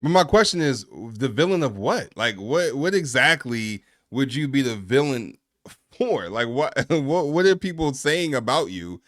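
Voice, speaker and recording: A man's voice: medium pitch, big pitch swings, unhurried, no echo, studio quality. A man hosting a reaction video, commenting in an incredulous, questioning, wry way. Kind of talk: commentary on a clip.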